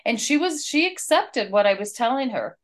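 A woman's voice: on the high side, big pitch swings, normal speed. A woman co-hosting a casual talk, retelling a story in an earnest, heartfelt way.

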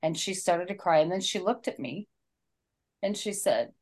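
A woman's voice: on the low side, animated, moderate pace. A woman co-hosting a casual talk, retelling a story in an earnest, heartfelt way.

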